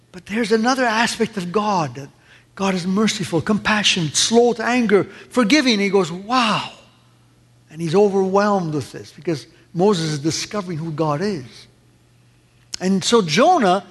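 A man's voice: high-pitched, a bit bright, in a large hall. A man preaching a sermon with passion, acting out the voices he quotes. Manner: impassioned, acts out quoted voices.

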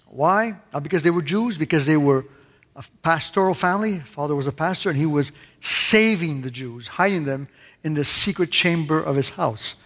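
Male pastor, sermon and prayer, emphatic with hushed dips, slightly high voice, long church reverb. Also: moderate pace. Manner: emphatic, swings between loud stresses and hushed asides.

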